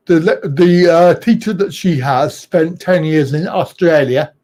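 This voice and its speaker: A middle-aged man hosts a casual livestream chat at an unhurried pace. His voice sits a little high but sounds soft and mellow. He speaks bluntly, rambles between points and chuckles often. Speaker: livestream host.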